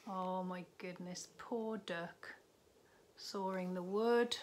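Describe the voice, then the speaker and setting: A woman primary school teacher reading a picture book aloud to young children, gently pausing for asides about the pictures. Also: on the low side, steady tone.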